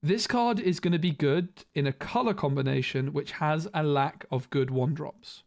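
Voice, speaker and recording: A man's voice: a little high, moderate pace, creaky, a little mellow. A man streaming a casual card review, thinking aloud with frequent restarts.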